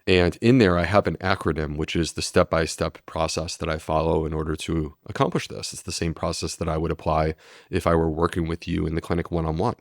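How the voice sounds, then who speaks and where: A gastroenterologist appearing as a podcast guest explains things steadily and earnestly. He has a bass voice with a steady tone, speaks a little fast, and is recorded dry with studio quality.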